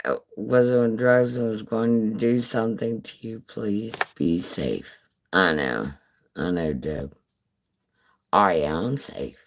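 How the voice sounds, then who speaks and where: A middle-aged woman telling a rambling story on a live stream, swearing freely and breaking into laughter. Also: a bass voice. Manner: rambling, profane, laughing asides.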